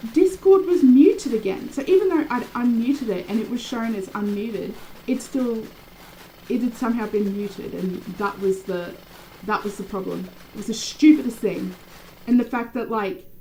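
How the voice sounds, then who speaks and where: A young adult woman streaming a game, chatting casually with viewers by name and rambling through animated stories. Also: medium pitch, slight background noise, poor audio. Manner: animated, rambling storytelling with many fillers. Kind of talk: casual live-stream chat.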